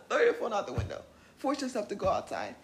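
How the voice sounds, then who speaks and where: A young woman hosting a self-help podcast, talking in an earnest, animated way, laughing often and swearing casually. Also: mid-range voice, normal speed, echoey room, faint music behind, poor audio. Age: young adult. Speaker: podcast host.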